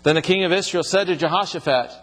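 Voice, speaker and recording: A man's voice: high voice, fast, a bit bright, in a large hall. A man teaching from the Bible, reading passages aloud and then explaining them in plain, conversational words.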